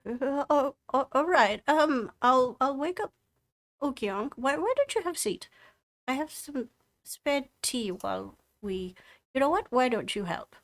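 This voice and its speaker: A homely, aged dwarf woman with glasses hanging off her nose, as a woman puts her on. She fusses and stammers, her voice lifted well above a normal speaking pitch and pushed louder. It sounds like a tabletop game character. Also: expressive, unhurried. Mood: flustered. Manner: flustered, fussing, stammering.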